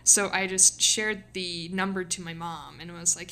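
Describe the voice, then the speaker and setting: A woman's voice: on the low side, little pitch movement, a little slow, few pauses, pushed and bright. A young woman streamer chatting casually and rambling, giggling often, with lots of fillers and a slightly sore voice. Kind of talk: casual live-stream chat.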